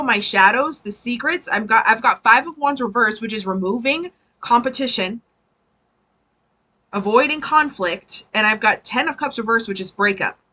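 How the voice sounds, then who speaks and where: A woman's voice: a little high, sharp tone, poor audio. A woman giving a casual, chatty live tarot reading, swearing freely and laughing often. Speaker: tarot reader.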